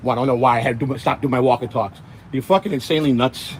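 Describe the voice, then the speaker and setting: A man's voice: mid-range voice, fairly even intonation, very fast, low-quality recording. A man ranting angrily and profanely on a phone livestream while standing outdoors in the hot sun. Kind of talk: livestream rant. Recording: outdoor phone stream with traffic noise.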